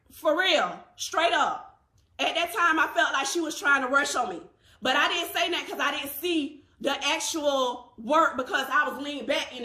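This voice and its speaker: High, bright-voiced woman telling her story. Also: reverberant. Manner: animated, quotes others in their voices, laughs while telling. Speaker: vlogger telling a personal story. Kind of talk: casual storytelling to camera. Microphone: phone.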